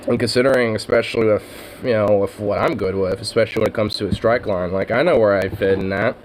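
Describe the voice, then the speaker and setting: A man's voice: on the low side, steady tone, fast talker, a little hiss or hum. A man chatting casually on his own vlog, rambling and swearing, with laughs and lots of fillers. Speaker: vlogger.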